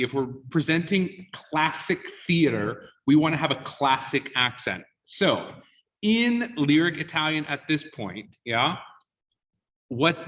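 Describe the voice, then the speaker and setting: A male diction teacher walks his class through vowel sounds, pausing to quiz them and tossing in "yeah?" to check they follow. He sounds set back from the mic, and the recording is dull and lo-fi. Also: a little high, fairly bright tone, distant mic. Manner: explains and quizzes the class, asks "yeah?" often. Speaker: diction coach.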